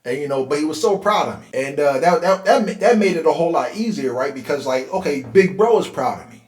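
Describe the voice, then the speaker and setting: A man in his forties from Philadelphia telling a personal life story in a casual, conversational way, getting animated when he relives tense moments. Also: a little high, fast talker. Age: 40s. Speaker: host. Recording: roomy echo.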